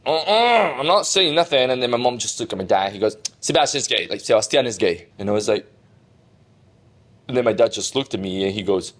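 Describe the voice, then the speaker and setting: A man's voice: lowish voice, a little fast. A man in his twenties from Colombia, telling stories as a podcast guest, laughing often and full of "like" fillers. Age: 20s. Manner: animated, laughing, lots of "like" fillers. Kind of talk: casual interview storytelling.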